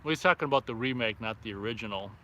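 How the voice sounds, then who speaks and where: A man's voice: medium pitch, rapid-fire, sharp tone, dull audio. A man hosting a casual live stream outdoors by a fire at night, reading viewer comments aloud and reacting offhandedly. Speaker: livestream host reading chat.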